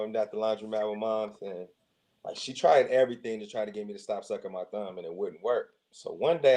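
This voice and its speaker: A man's voice: on the low side, a little hiss or hum. A man, a podcast guest, telling casual childhood stories and acting out the voices of the people in them. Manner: lively anecdotes, acting out quoted voices. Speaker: guest, former football player and coach. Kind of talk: casual storytelling.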